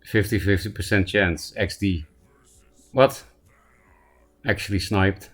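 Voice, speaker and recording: Hoarse low-voiced man streaming a card game. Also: fairly even intonation, normal speed, fairly bright tone. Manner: self-mocking, thinking aloud, frequent throat clearing. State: hoarse from laughing. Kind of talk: casual gameplay commentary.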